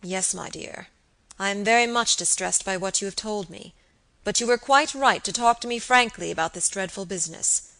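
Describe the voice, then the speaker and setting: A woman's voice: medium pitch, moderate pace, sharp tone. A woman reading the part of a fond, anxious elderly baronet, with earnest, affectionate pleading. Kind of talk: audiobook character reading.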